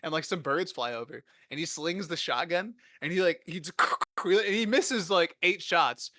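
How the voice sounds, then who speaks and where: A man's voice: fairly high pitch, normal speed, pushed and bright, no echo, clean studio sound. A man in his twenties hosting a podcast, telling rambling, profane, self-deprecating stories in a casual comedic way. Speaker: podcast host.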